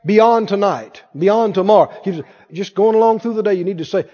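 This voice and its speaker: A man's voice: high-pitched, a little fast, darkish tone. A man preaching a sermon as pastor, with fervent, repeated declarations. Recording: dull sound in a reverberant hall.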